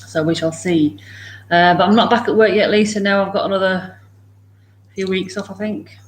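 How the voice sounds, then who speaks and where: A woman's voice: mid-range voice, fairly even intonation, normal speed, slight background noise. A woman chatting casually at home on a morning livestream, greeting viewers by name, laughing often and talking to her dogs. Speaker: livestream host.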